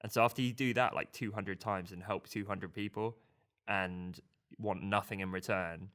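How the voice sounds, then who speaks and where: Low-voiced man chatting on a podcast. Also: normal speed. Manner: relaxed, rambling, frequent restarts. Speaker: podcast co-host. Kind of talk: casual podcast chat.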